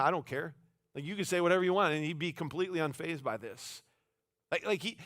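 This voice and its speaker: A pastor giving a sermon in a church, telling the story in a casual, animated way with playful voiced asides. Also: male voice, on the high side, no echo, studio quality. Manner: casual, conversational phrasing with many restarts.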